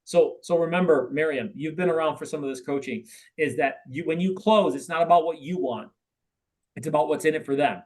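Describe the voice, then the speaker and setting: A man coaching a real estate agent in a role play, talking briskly and often checking in with "right?". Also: on the high side, darkish tone, low-quality recording. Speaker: sales coach.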